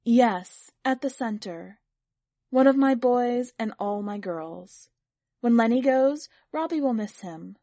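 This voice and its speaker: A woman's voice: fairly high pitch, lively intonation, slow pace, mellow, no echo, pitched above the performer's own voice, exaggerated voice. A woman reader voicing a proud, tender young mother.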